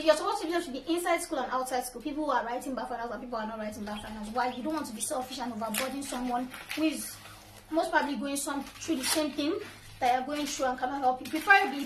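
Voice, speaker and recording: A woman's voice: sits high, echoey room, far from the mic, noisy background. A young woman with a Nigerian accent giving upbeat, numbered advice tips in a casual vlog. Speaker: vlogger, law graduate.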